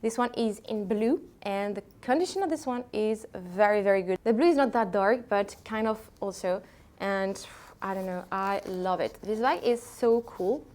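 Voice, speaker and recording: A woman's voice: medium pitch, moderate pace, a little mellow. A woman from France with a French accent, casually showing secondhand bags in a vlog and talking with hesitant, chatty restarts. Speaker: vlogger selling secondhand luxury bags. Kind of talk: casual product showcase.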